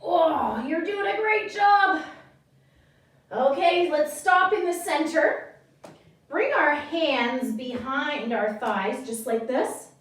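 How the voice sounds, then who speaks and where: Woman, kids yoga teacher, bright and encouraging, echoey studio room. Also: sits high, slow pace, recorded from a distance. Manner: bright encouraging instructions to children. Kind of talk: guided children's yoga with storytelling.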